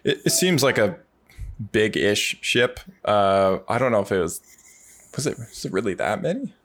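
A man's voice: on the low side, big pitch swings, normal speed. A man co-hosting a casual book discussion, hesitant and repeating words as he thinks aloud. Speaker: podcast co-host.

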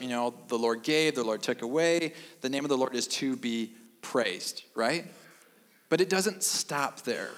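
Deadpan preacher in a reverberant hall. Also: male voice, a little high. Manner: deadpan, self-mocking humor with emphatic repetition. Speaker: pastor. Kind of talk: sermon. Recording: long reverb of a large hall.

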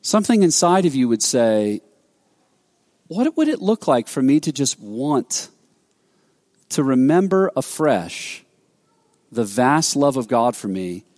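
Animated male pastor in a reverberant hall. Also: mid-range voice, takes it slowly, long pauses. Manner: animated, acts out quoted dialogue, frequent restarts. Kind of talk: sermon storytelling.

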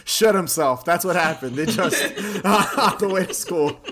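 A man's voice: sits high, expressive, a little slow, noisy background. A man chatting casually while reacting to a show with friends, laughing often and swearing freely. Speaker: co-host watching a show.

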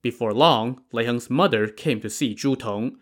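A man's voice: medium pitch, moderate pace. Wry male storyteller. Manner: wry, sarcastic asides. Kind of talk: casual narration of a classic tale.

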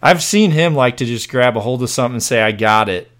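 A man's voice: medium pitch, quick pace. A man, a podcast guest, chatting casually with frequent laughs and slang. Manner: laughs often, uses casual slang like 'dude' and 'freaking'. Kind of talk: casual chat.

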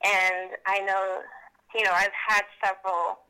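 A young woman with a bright, clear tone speaks candidly about her own life. She talks conversationally, using frequent fillers as she recounts her experiences as a doctoral student in an interview. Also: medium pitch, little pitch movement, a little slow, rough recording. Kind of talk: personal storytelling in an interview.

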